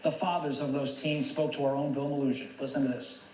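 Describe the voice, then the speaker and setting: Male news anchor, quick leading questions, echoey studio feel. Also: mid-range voice, flat delivery, darkish tone, slight background noise. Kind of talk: TV news interview.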